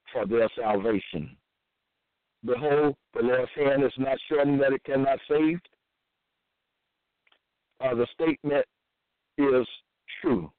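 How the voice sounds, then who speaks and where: Male preacher reading scripture in a sermon, measured delivery, lo-fi phone-line quality. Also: mid-range voice, no echo. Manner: reads verses slowly with repeated asides. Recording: tinny, phone-like dry audio.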